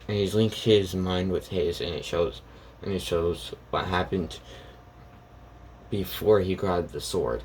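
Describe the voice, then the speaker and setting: A man telling a made-up fan story off the cuff, rambling and halting, voicing the characters' lines as he goes. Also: low voice, gravelly, a little mellow, a little hiss or hum. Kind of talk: improvised fan story narration.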